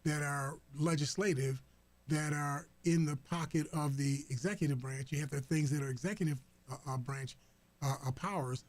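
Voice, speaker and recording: A man hosting a talk radio program, commenting on the news in a halting way, full of fillers and restarts. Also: a little high. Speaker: radio host. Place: radio studio. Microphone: studio microphone.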